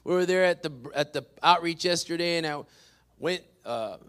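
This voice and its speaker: A man pastor delivering a sermon, dropping "amen" between phrases and swinging from loud emphatic bursts to hushed asides. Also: fairly high pitch, moderate pace, smooth.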